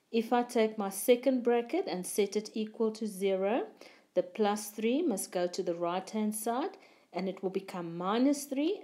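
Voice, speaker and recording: A woman talks through a maths problem one step at a time, unhurried and patient. Her voice is mellow and dark-toned, and she lingers on each number as she works it out. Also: medium pitch. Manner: slow, methodical explaining. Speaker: maths teacher. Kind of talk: step-by-step lesson voice-over.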